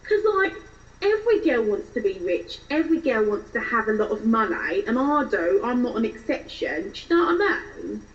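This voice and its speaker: A woman voicing a bubbly, shallow young Essex woman, with an Essex accent, chatty rising questions and drawn-out words. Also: on the high side, very animated, recorded from a distance, highs cut off.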